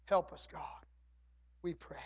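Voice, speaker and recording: A pastor in church, preaching and then leading a prayer that repeats "Lord" and "God" between phrases and builds to shouting. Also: male voice, takes it slowly, dull audio. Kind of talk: sermon and prayer.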